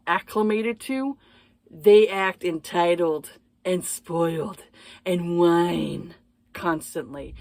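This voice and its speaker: A woman's voice: fairly low pitch, vocal fry, a little mellow, no room sound. Blunt, cussing woman ranting about a book. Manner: blunt, profane, exasperated; hesitant with many fillers. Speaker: book reviewer. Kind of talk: casual book review rant.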